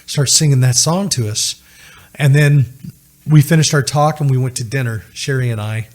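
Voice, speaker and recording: A man's voice: mid-range voice, moderate pace, a little mellow. A middle-aged man telling a personal story as a podcast guest, acting out the voices of the people he quotes.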